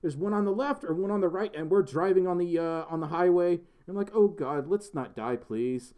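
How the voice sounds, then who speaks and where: A man's voice: high voice, moderate pace, dark tone, clean tone. A man with a slight Southern accent from Mississippi, chatting casually on a livestream and reading out chat comments, rambling and self-deprecating with lots of fillers. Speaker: livestream host.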